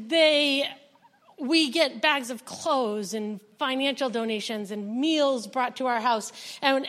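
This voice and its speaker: A woman sharing a personal testimony with a church congregation, telling her story in an animated way and acting out the dialogue, close to tears. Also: sits high, long reverb tail. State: emotional, near tears. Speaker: foster mother sharing a testimony. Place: church service.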